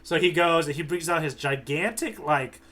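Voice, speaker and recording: Male podcast co-host, fairly high and bright voice, animated storyteller. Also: moderate pace. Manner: animated retelling with quoted lines. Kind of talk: casual chat recapping a manga.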